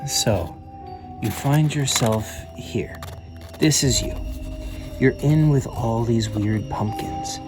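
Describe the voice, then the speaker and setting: Slow and medium-pitched, a man rambles his way through a casual walkthrough of his paper game, leaning on "like" and "um." Background music is audible.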